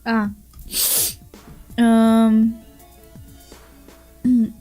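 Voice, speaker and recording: A woman from Brazil with a Brazilian Portuguese accent, streaming live and chatting quickly and casually with her chat, swearing now and then. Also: fairly high pitch, completely flat delivery, mellow, soft background music.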